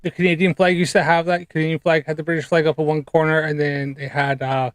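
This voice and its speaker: A man chatting casually on a live stream, rambling with many ums and pauses while reacting to clips. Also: a little high, little pitch movement, dry recording. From United Kingdom.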